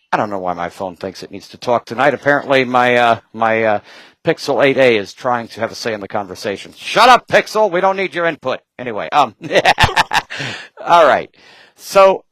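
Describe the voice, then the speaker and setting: A man talking as a guest in casual chat, rambling from point to point with quick asides and jokes. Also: medium pitch, a bit bright, no room sound, rough recording.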